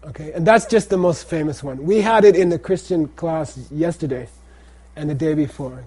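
Middle-aged male teacher, slightly raised husky voice, casual classroom lecture, keeps asking "okay?". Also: fairly high pitch, a little fast, dark tone. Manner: repeats phrases and checks in with "okay?". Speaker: teacher of Tibetan language and Buddhist texts.

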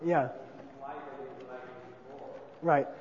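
A man's voice: drawn-out words, darkish tone, slight background noise. Man lecturing in a reverberant hall. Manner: conversational, checks in with frequent 'okay?'. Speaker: teacher. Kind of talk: classroom lecture on Buddhist philosophy. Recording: dull lo-fi sound with long reverb.

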